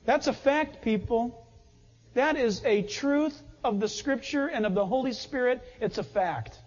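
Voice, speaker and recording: A pastor delivers an emphatic sermon, acting out small everyday scenes. His voice is extremely high-pitched and measured in pace, and the recording sounds dull inside a reverberant hall.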